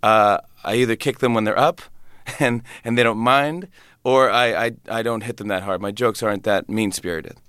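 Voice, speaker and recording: A man, a comedian guest, telling stories in animated, casual chat with quick restarts. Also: fairly low pitch, clear, resonant tone, no echo, studio quality.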